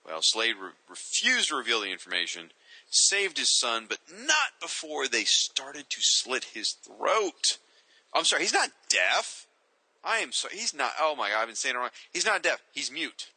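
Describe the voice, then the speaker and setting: A man's voice: mid-range voice, big pitch swings, moderate pace, sharp tone, slightly rough, dry recording, low-quality recording. A man co-hosting a casual comics chat, opinionated and ranting. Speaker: co-host.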